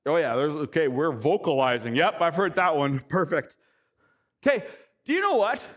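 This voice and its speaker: A male pastor delivering a sermon, reading scripture aloud and preaching with emphatic, excitable bursts. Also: a little high, moderate pace. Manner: reads scripture passages aloud.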